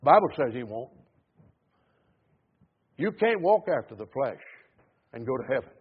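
A preacher delivering a sermon, stressing some words loudly and letting others trail off low. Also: male voice, sing-song, measured pace, husky. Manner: emphatic preaching that swings between loud stresses and low trailing endings. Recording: tinny phone-like sound.

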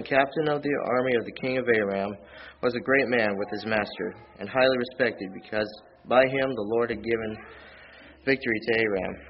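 A man gives an earnest, plain-spoken sermon in church, reading verses and then explaining them in everyday words. His voice sits at an ordinary middle pitch and swells louder on the points he presses. The recording is dull and lo-fi, with faint noise underneath. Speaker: lay preacher.

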